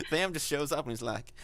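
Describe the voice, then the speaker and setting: A man's voice: on the high side, noisy background. A man co-hosting a podcast, chatting casually about running tabletop games, rambling and quoting his own thoughts aloud. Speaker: game master, podcast co-host.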